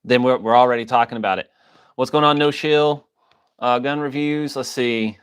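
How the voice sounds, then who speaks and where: A man's voice: mid-range voice, normal speed, clean tone. A man hosting a casual livestream, loosely joking and greeting viewers by name, with a slight wheeze in his voice. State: coughing, a bit wheezy. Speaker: livestream host reading chat.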